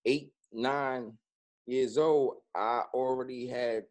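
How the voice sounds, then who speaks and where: A man's voice: medium pitch, fairly even intonation, takes it slowly. A man, a guest speaking candidly and profanely in an interview, with constant "you know what I'm saying".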